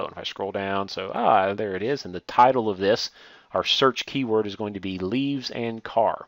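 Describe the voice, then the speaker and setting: Low-voiced man talking through a software tutorial. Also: moderate pace, dry recording. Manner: plain step-by-step explaining with fillers. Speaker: instructor.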